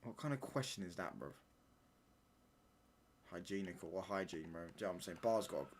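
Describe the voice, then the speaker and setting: A man's voice: on the low side, brisk, long pauses, a bit bright, husky. A young man hosting a live football watchalong stream from home, reading out viewer chat and answering it with bantering, mock-indignant talk. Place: home room.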